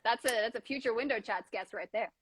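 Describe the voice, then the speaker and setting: A young woman hosting a casual chat, animated and jokey, often laughing. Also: fairly high pitch, fast, a loud crowd, poor audio. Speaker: host.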